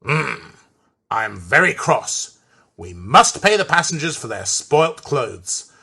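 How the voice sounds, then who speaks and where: A storybook reader voicing a stern, pompous railway boss who scolds loudly and grumbles with hums. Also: medium pitch, animated, slow pace, husky, heavily acted. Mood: scolding. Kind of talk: storybook reading.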